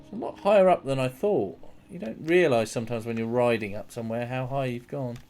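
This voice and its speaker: A man's voice: mid-range voice, a little fast, darkish tone, faint music behind. A man giving casual, rambling gameplay commentary as a streamer. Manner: rambling, chatty, self-mocking.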